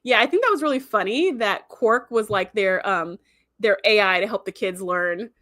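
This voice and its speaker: A woman's voice: mid-range voice, normal speed, pushed and bright. A woman hosting a casual livestream, chatting in a rambling way and reading viewer comments aloud. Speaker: livestream host.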